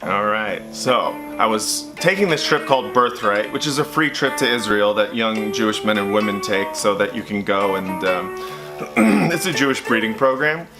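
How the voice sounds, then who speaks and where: A male stand-up comedian telling a long, self-mocking story in an excitable way. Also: lowish voice, moderate pace, over music.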